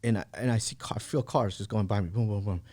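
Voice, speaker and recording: A fast-talking man with a fairly low pitch and darkish tone shares a personal story as a podcast guest. He works in real estate, and in the studio he keeps things casual and easygoing, saying "bro" and "like" a lot.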